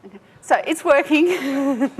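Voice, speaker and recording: A woman's voice: sits high, slow pace. Chatty woman giving a live tech demo. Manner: chatty, self-mocking, laughs often. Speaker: tech speaker. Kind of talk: live software demo talk.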